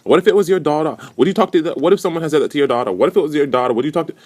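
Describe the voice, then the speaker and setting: A man mimicking a young woman housemate who repeats herself in a high, insistent voice. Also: rapid-fire, darkish tone, no echo, lightly acted. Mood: indignant.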